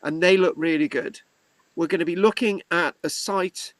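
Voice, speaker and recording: High-voiced chatty British man tutoring online. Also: fairly bright tone, no echo. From Britain. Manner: chatty, halting, many restarts. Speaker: history class tutor and host. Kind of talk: casual online class talk.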